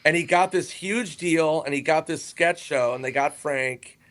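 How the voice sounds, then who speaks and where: A man with a voice a touch higher than most tells a long, meandering anecdote as a podcast guest. He cuts himself off and doubles back often and keeps the tone offhand and conversational. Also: unhurried, a bit bright. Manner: rambling, self-interrupting anecdotes. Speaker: guest comedian. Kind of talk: casual podcast storytelling.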